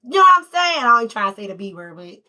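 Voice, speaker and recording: A woman doing a casual tarot reading while fighting a cold, blunt and profane, telling stories in a lively, streetwise way. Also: on the high side, quick pace. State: has a cold. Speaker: tarot reader.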